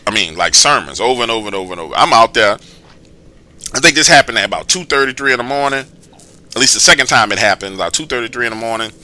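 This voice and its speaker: A man's voice: medium pitch, quick pace. A man telling his own eerie encounter in casual, slangy, profane storytelling. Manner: profane, slangy, animated retelling.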